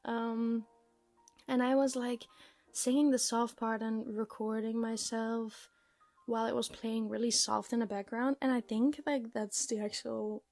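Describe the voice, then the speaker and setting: A young woman talks into her microphone in a casual personal vlog, her speech halting and emotional, full of fillers. Her voice sits a little high and has a gravelly fry, and she speaks slowly. Soft music plays faintly behind her. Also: level tone, no echo. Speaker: vlogger.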